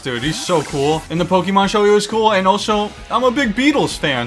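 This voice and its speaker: Young man, high voice, very animated, let's play commentary, excitable, swearing. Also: fairly quick, soft background music. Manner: excitable, swearing, talks to the game. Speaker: gaming YouTuber.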